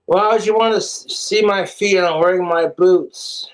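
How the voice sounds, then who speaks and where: A man's voice: sits high, fairly even intonation, a little slow. A man doing a crude, profane comic skit, arguing with himself in two quoted voices.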